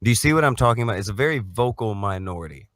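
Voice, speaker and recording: A man with a fairly low voice rants through a talk-show livestream and swears freely as he scolds the chat. The sound is dry and close, with no room around it. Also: lively intonation, rapid-fire, a bit bright, dry recording. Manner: profane, ranting, scolding the audience. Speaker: co-host.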